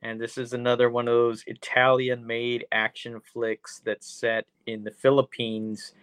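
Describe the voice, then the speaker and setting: A man's voice: medium pitch, flat delivery, a little slow, a bit bright, clear, resonant tone, no room sound. A man co-hosting a podcast, casually recapping a movie plot with lots of fillers and swearing. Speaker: podcast co-host. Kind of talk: casual movie review chat.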